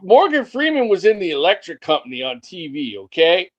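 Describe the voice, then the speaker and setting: Blunt male guest, high voice, dry muffled line. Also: big pitch swings, brisk, no room sound. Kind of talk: casual chat.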